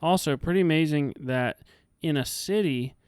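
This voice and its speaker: A man's voice: on the high side, moderate pace, darkish tone, clean tone, no echo, studio quality. A man co-hosting a podcast, chatting casually through a film scene and acting out the characters' lines. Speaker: podcast co-host. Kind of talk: casual film breakdown chat.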